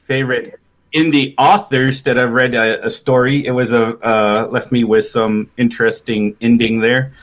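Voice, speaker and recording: Male host of a live online show, loose and halting, muffled stream sound. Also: medium pitch, fairly even intonation. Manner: halting, many fillers and laughs. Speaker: podcast host. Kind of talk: casual live-stream chat.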